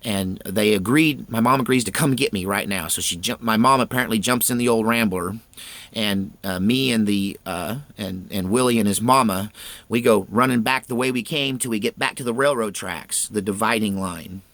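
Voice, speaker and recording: A man's voice: lowish voice, normal speed, fairly bright tone, dry recording. A man in his fifties telling a personal story in a folksy, earnest, conversational way.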